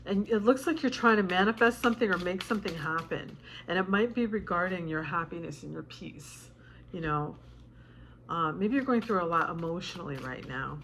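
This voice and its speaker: A woman's voice: lowish voice, animated, normal speed, fairly bright tone, a little hiss or hum. A woman giving a casual tarot reading to camera, chatty and emotional, her voice choked up with tears. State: tearful, choked up. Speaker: tarot reader.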